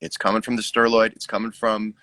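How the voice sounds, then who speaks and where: A man's voice: on the low side, flat delivery, brisk, sharp tone, no echo, low-quality recording. A middle-aged American musician talking casually about his record on a livestream, reflective and joking. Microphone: video call.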